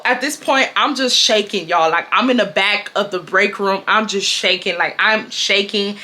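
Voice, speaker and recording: A woman in her twenties from Texas telling a storytime to her viewers in a casual, animated, profane way, calling them y'all. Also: medium pitch, normal speed. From Houston, Texas. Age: 20s. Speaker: storytime vlogger. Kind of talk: casual storytime chat to camera. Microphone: camera mic.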